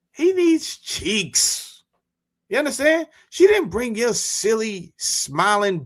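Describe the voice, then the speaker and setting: A man talking casually to his viewers as a YouTuber, animated and full of rhetorical questions and slang. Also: high-pitched. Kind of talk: casual monologue to camera.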